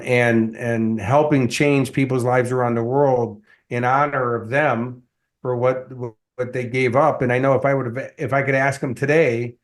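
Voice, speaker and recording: A middle-aged man, a motivational coach, telling stories in a relaxed interview and acting out the voices of people he quotes. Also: mid-range voice. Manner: animated storyteller acting out quotes. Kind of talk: conversational storytelling interview.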